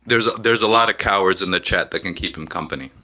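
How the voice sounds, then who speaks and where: A man speaking as a guest on a live show, giving measured, reflective answers with frequent pauses and restarts. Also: deep voice, bright, forceful tone, poor audio. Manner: hesitant, with frequent ums and restarts.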